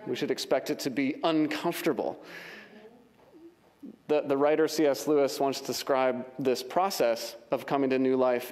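A man's voice: a little high, darkish tone. Man preaching in repeated rising phrases. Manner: impassioned, repeats phrases for emphasis; builds in rising lists. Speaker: pastor. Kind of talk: sermon.

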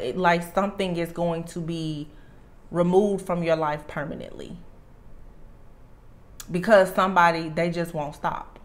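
A woman with a fairly low voice reads tarot cards for an unseen audience. She speaks earnestly and with emphasis, piling on "like" and starting her phrases over as she goes. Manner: earnest and emphatic, with frequent restarts and "like". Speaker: tarot reader. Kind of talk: tarot reading monologue.

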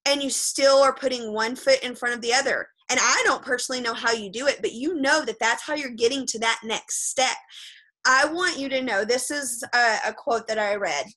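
A woman with a bright, slightly high voice gives a motivational pep talk over a video call. She talks emphatically and repeats her points, checking in with her listeners with a frequent "okay?". She speaks bluntly and swears now and then. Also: normal speed, poor audio. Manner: frank, with mild swearing. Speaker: motivational speaker addressing a group.

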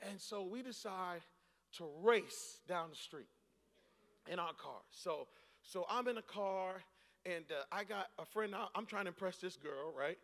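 A pastor in his forties preaching a sermon, telling a story and rising into shouts and laughter. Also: high voice, animated, a little slow, gravelly. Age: 40s. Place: large church hall. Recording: long hall reverb.

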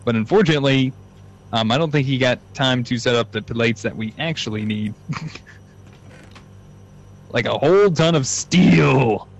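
A man's voice: mid-range voice, moderate pace, gravelly, long pauses. A man casually chatting while playing a game, laid-back, with frequent ums and laughs. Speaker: let's play co-player. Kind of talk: casual gaming banter. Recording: slightly dull lo-fi mic.

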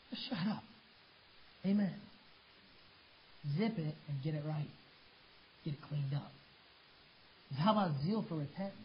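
A man's voice: high-pitched, breathy edge. A man preaching a sermon as pastor, fervent and plain-spoken. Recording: dull lo-fi sermon recording with faint hiss.

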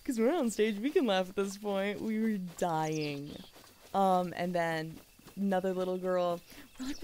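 A woman streams a video game and chats along casually, swearing mildly now and then. Her pitch swings about in a lively way while she talks. Her tone stays loose and conversational, full of fillers. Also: normal speed, a little hiss or hum. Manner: chatty storytelling with frequent fillers and mild swearing. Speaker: gaming streamer. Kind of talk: casual let's play commentary.

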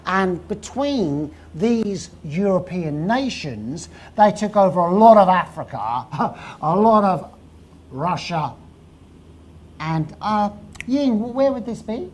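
A woman's voice: medium pitch, slow, slight background noise. A woman giving a live lecture, telling history as a story and quizzing the audience. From England. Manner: lively storytelling, asks the audience questions. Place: lecture room.

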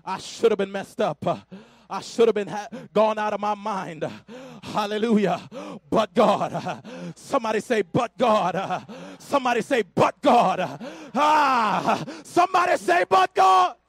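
A man preaching a Pentecostal sermon, shouting in call-and-response and dropping to quiet asides. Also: sits high, expressive, a little slow, few pauses, husky, dry recording. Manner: breathless, drops to quiet asides. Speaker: pastor.

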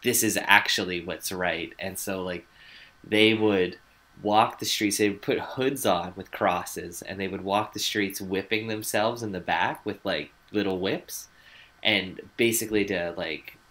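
A man's voice: low-pitched, measured pace, fairly bright tone. A man co-hosting a podcast, telling a story in a loose, rambling way with frequent swearing and filler words. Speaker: podcast co-host. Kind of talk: casual chat, telling a researched story.

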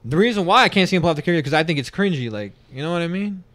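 A man's voice: on the high side, lively intonation, racing, fairly bright tone, dry recording. A man co-hosting a podcast, chatting casually about a movie in a rambling, hesitant way, often on the defensive. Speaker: podcast co-host. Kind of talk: casual movie review chat.

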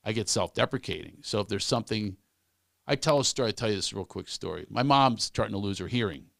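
A middle-aged man, a comedian guest on a podcast, telling comic stories in an animated way and acting out the people he quotes. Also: fast, vocal fry, dry recording, clean studio sound. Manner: animated storyteller, acts out quoted voices, big pitch swings. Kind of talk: storytelling in a podcast chat.

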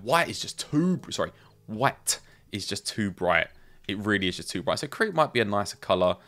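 A man's voice: lowish voice, expressive, a little fast, a bit bright, soft background music. A man giving casual, chatty gameplay commentary, thinking aloud as he builds and talks to his viewers. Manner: chatty, thinking aloud, self-talk with playful asides. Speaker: game streamer.

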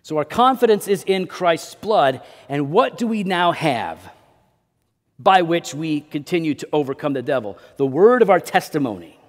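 A man preaching a sermon as pastor, with dynamic delivery that swings between loud emphasis and quiet low drops. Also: lively intonation, normal speed, in a large hall. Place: church sanctuary.

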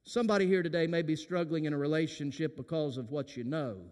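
A man preaching a sermon as senior pastor, swinging from hushed tones to impassioned shouting. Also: on the high side, fast. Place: church sanctuary during worship service. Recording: reverberant church sanctuary.

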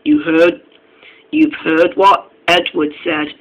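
A man's voice: a little high, very animated, slow pace, fairly bright tone, exaggerated voice, poor audio. A man voicing a stern, portly railway boss who gives firm orders in a storybook reading. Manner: firm, authoritative.

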